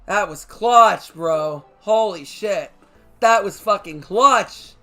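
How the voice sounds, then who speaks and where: A man streaming a card game live, reacting loudly, swearing and shouting at big plays. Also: high voice, slow pace. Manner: excitable, swears, shouts at wins. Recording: faint music behind.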